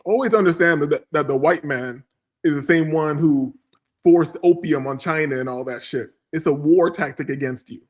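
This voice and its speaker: A man's voice: on the high side, normal speed. A man hosting a casual podcast, talking in a loose, slangy way full of fillers. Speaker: podcast host. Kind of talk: casual chat.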